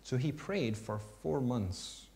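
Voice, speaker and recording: A male preacher giving a sermon, reading a story aloud with expressive delivery that swings between hushed and emphatic. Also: mid-range voice, slow pace, vocal fry.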